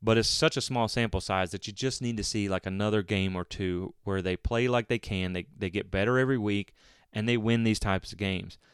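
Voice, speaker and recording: A man's voice: lowish voice, a little fast, clean tone, no room sound, studio quality. A man hosting a solo sports podcast, talking casually in a rambling way with frequent restarts. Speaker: podcast host.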